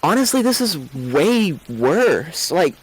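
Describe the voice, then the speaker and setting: A man's voice: fairly high pitch, slow, slightly rough, voice pushed up, full character voice, rough recording. A man voicing a restless young woman cook. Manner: rambling, animated, frequent fillers.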